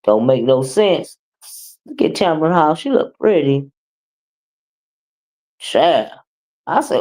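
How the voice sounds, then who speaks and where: A woman's voice: mid-range voice, big pitch swings, normal speed, long pauses, a little mellow. A woman hosting a casual livestream, scolding and sassy, with repeated "okay?" and "child.". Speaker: livestream host.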